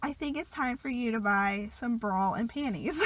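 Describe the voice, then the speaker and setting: A young woman vlogging casually while sick, chatty, laughing often and trailing into soft asides. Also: fairly high pitch, moderate pace, rough recording. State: sick, a bit congested. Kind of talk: casual confessional vlog.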